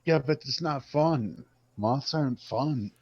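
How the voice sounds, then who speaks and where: A man's voice: medium pitch, takes it slowly. Playful male player, dull lo-fi sound. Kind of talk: casual tabletop role-play.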